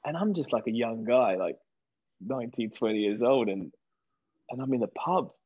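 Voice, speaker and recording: A British man in his thirties, a guest actor in a casual interview, telling lively stories and acting out what people said. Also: medium pitch, normal speed, breathy edge, dull audio. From Britain. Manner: lively storyteller who acts out quoted voices.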